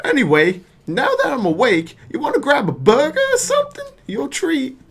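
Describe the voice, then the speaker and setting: A man's voice: very high voice, wildly swooping pitch, normal speed, gravelly, pitched above the performer's own voice, exaggerated voice. A man voicing a brash talking male paint can with a loose, made-up accent, reading game dialogue aloud. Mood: indignant. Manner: loud, cheeky, vague put-on accent.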